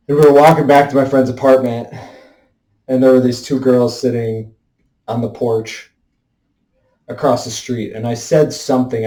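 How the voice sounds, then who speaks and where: A man's voice: mid-range voice, darkish tone. A man in a raw emotional monologue, swearing heavily and venting his frustration in bursts. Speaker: self-expression video maker. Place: room indoors. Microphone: headphones with mic. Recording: roomy echoey room.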